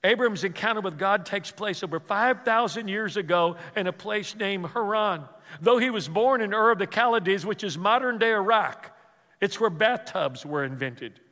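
A man preaching as pastor, telling a story with repeated words and dropping to a hush for emotional quotes. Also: high voice, moderate pace, big-room sound. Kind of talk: sermon.

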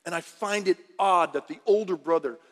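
A male pastor preaching a sermon in an animated, emphatic way, often repeating phrases. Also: high voice, moderate pace, long reverb tail.

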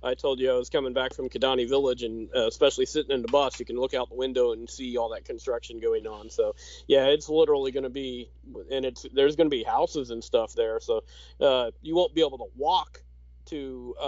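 A man co-hosting a casual chat, easygoing and halting, with a dry sarcastic streak. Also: mid-range voice, steady tone, a little mellow, no room sound, lo-fi sound. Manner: easygoing, many fillers and restarts, dry sarcasm. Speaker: podcast co-host.

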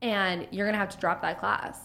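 A woman in casual podcast chat, animated and swearing freely, acting out little quotes as she talks. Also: medium pitch, fairly quick, creaky.

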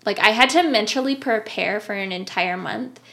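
A woman in her thirties telling a story in casual chat, animated, laughing and swearing often. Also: medium pitch, moderate pace. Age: 30s.

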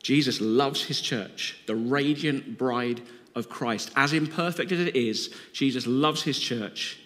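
A man's voice: medium pitch, slow pace, a bit bright. A man preaching a heartfelt sermon in an earnest way. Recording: long hall reverb.

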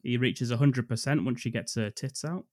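A man's voice: mid-range voice, normal speed, darkish tone, no echo, studio quality. A man co-hosting a film podcast, recapping scenes in a jokey way and laughing often. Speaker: podcast co-host. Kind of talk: casual chat.

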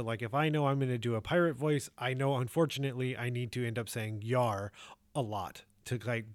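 A man's voice: medium pitch, no echo. A man co-hosting a tabletop gaming podcast, casually and earnestly giving advice. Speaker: podcast co-host.

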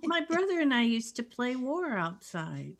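An older woman chatting casually about a war film, calmly adding details. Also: fairly high pitch, normal speed. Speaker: co-host discussing a war film. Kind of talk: casual chat.

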